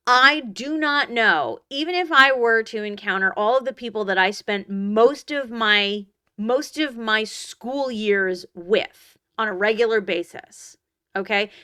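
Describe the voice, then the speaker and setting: A woman around forty, co-hosting a podcast in casual chat, blunt and emphatic and quick to swear. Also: medium pitch, sharp tone, clean tone, no room sound, clean studio sound. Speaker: podcast co-host.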